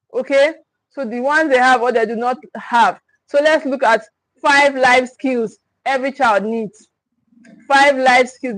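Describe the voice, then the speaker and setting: A woman's voice: a little high, fairly bright tone, dry recording, poor audio. A woman, a parenting coach teaching on a livestream, stressing and repeating her key points and checking in with viewers. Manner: emphatic, repeats key phrases; speaks directly to the viewers, with check-ins.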